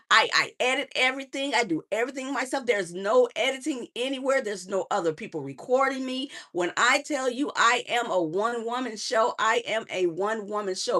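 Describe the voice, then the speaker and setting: A middle-aged woman, a transformational coach, giving a lively motivational live stream, preaching and calling viewers honey and baby. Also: a little high. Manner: preachy, warm endearments to viewers; chatty, laughs often.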